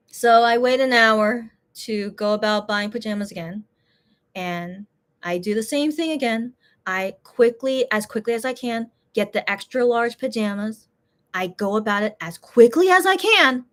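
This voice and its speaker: A woman who runs a shop, casually telling a story in an animated, exasperated way, with many restarts. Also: on the high side.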